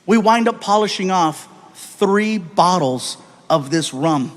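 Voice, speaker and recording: Man, stand-up comedian, high voice, animated, live stage. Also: takes it slowly. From United States. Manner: animated, acts out voices, swings between loud and soft. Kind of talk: stand-up storytelling.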